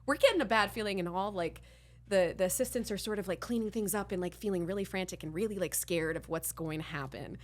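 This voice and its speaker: A woman podcast host from Miami telling a candid anecdote, rambling and animated, full of "like" and restarts, blunt and profane. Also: mid-range voice, fast talker. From Miami, Florida.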